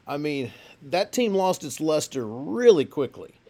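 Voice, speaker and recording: A man talks college football in loose, casual chat. He rambles and restarts his sentences. His voice sits a little higher than most men's. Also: sing-song, unhurried, a little mellow. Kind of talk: casual sports talk.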